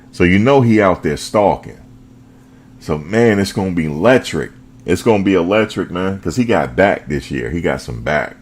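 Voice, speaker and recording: A man hosting a fan show, talking football in a casual, animated way, full of slang and repetition. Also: deep voice. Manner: animated, repeats himself, slangy.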